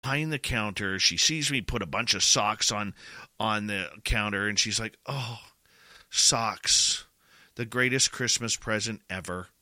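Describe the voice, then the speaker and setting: Middle-aged man, radio host, rambling emotional storyteller, very bright tone, dry close sound. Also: lowish voice, unhurried, no room sound. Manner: rambling and emotional, repeats words. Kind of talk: casual storytelling chat.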